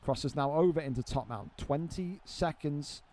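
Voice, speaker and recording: A young man giving live play-by-play commentary on a video game fight, excitable and swearing freely as he banters with friends. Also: on the high side, unhurried.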